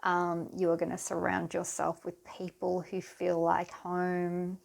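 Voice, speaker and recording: This is a woman running a pick-a-card tarot reading, speaking straight to her viewers. She talks slowly and soothingly. Her voice is fairly low and has a gravelly, creaky edge. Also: monotone. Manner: unhurried, soothing, addresses viewers directly.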